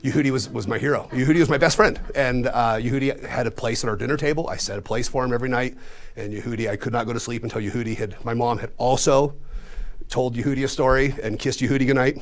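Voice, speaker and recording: A man in his forties from Colorado, telling a comic story on stage in a studio, animated and self-mocking, with sudden swings between loud and hushed. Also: mid-range voice, fast talker. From Colorado, USA. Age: 40s. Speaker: storyteller and magician. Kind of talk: comedic storytelling performance. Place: studio before a live audience.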